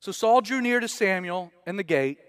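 High-voiced man preaching casually. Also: animated, normal speed, fairly bright tone, clear, resonant tone, no room sound, clean studio sound. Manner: conversational and joking, with slang asides. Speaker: pastor. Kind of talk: sermon, casual verse-by-verse teaching.

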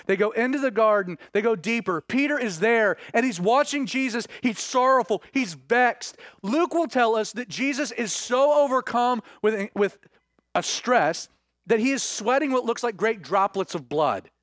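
A man's voice: high voice, normal speed, fairly bright tone, no room sound. A man preaches a sermon. He retells scripture as a story, acting out the quoted speech and restarting his phrases. His voice sounds close and dry. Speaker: pastor.

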